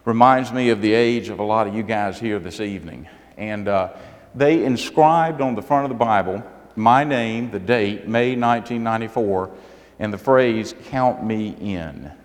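A man's voice: on the low side, moderate pace. A middle-aged man from South Carolina with a Southern accent, speaking as a guest preacher with earnest, folksy storytelling in a church. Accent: Southern American. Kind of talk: sermon. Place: church sanctuary. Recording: long hall reverb.

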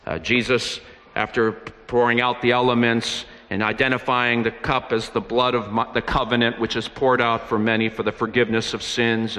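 A man's voice: medium pitch, sharp tone. A man delivers a sermon, retelling scripture with earnest, emphatic storytelling. His voice sits in an ordinary middle register. The sound rings out in a large reverberant church hall. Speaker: preacher.

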